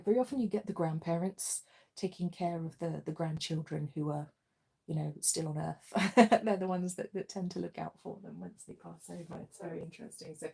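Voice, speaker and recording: Soft-spoken, husky woman reading tarot. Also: on the low side. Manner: soft-spoken, giggly, often drops to a murmur. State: losing her voice. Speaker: tarot reader. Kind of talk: livestream card reading.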